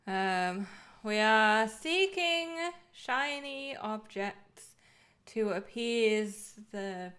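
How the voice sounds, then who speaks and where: A woman voicing an elitist heron in a tabletop game, speaking in a halting, formal, hesitant way. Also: medium pitch, lively intonation, fairly bright tone. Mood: formal, polite.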